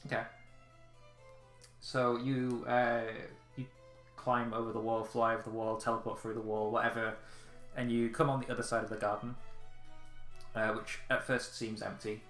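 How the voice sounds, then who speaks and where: Relaxed man running a tabletop game. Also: mid-range voice, normal speed, roomy sound, soft background music, rough recording. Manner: relaxed, frequent filler words. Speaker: game master.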